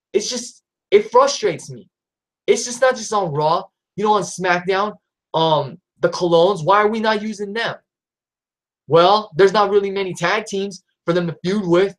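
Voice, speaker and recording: A wrestling YouTuber vents in a vlog about wrestling booking, sounding frustrated and exasperated. He restarts often, and his pitch jumps up suddenly whenever he gets riled.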